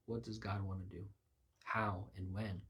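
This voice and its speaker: A man gives an informal sermon in a lowish voice. He speaks earnestly and conversationally, working through his thoughts aloud as he teaches. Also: flat delivery, moderate pace, a bit bright. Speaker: preacher.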